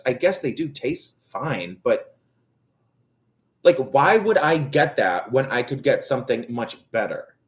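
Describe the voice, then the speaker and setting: A young man in casual livestream talk, exasperated and ranting, with frequent swearing. His pitch leaps widely up and down as he vents, at a middling register for a man. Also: big pitch swings, a little slow. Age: young adult. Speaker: livestream tarot reader. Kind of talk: casual rambling chat.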